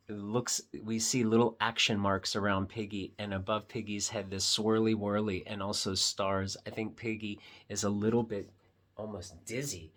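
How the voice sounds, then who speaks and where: Kids' storytime host, male, slow and husky, with lots of pitch movement. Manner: gentle, explaining to children. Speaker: children's book reader. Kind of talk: read-aloud storytime for kids.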